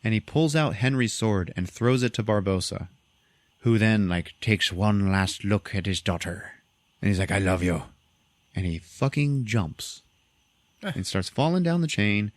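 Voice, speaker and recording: A man's voice: lowish voice, unhurried, no room sound. A man hosting a podcast, retelling a movie's plot in a casual, profane way and laughing often. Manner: animated, profane storytelling with frequent laughs. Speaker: podcast host.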